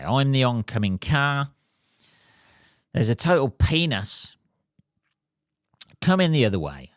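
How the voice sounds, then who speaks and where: A middle-aged man hosting a podcast, telling a story as an animated, sweary rant. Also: on the low side, clear, resonant tone, no room sound, studio quality. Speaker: podcast host. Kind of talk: casual monologue.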